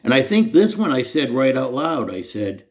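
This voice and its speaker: Speaking to the camera, a Christian storyteller shares a personal faith story in an earnest, conversational, self-deprecating manner. His voice is medium-pitched and very animated, and he talks at a normal speed.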